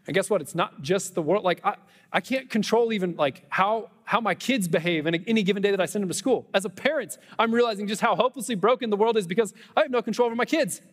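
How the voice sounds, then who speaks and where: A man preaching a conversational Easter sermon as pastor, animated, with self-deprecating humor and quick asides. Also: sits high, long reverb tail. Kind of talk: Easter sermon with personal stories. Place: church sanctuary.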